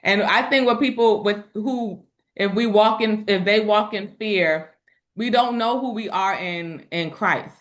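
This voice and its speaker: A woman's voice: mid-range voice, a little slow. Affirming woman host. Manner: affirming, reflective. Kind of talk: faith-based interview conversation.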